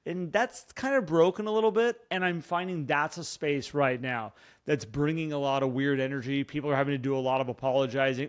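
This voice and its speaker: Earnest, animated male real estate coach. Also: on the high side, brisk, clean tone. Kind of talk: casual podcast chat.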